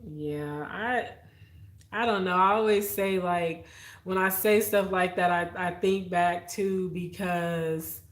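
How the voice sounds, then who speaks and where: A woman's voice: lowish voice, steady tone, takes it slowly, roomy sound. A woman hosting a casual livestream, chatty and heartfelt, talking straight to her viewers. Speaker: livestream host. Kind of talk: casual live-stream chat with viewers.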